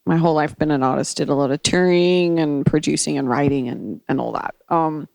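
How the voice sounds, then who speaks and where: A young Australian woman with an Australian accent, a guest in a casual chat, bubbly and quick to laugh, with lots of "like". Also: deep voice, creaky, darkish tone, no room sound. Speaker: guest, artist developer. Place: home set.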